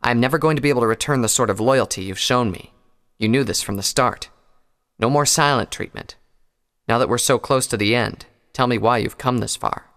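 A man's voice: medium pitch, brisk, vocal fry, a bit bright. A man voicing a condemned female unicorn warrior who speaks coldly and derisively. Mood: weary. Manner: cold, derisive, growling. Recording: long hall reverb.

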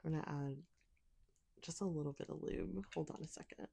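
A woman's voice: sits low, steady tone, fairly quick, gravelly, mellow, breathy edge. A woman speaking in an intimate audio role-play, teasing and commanding, sometimes dropping to a whisper.

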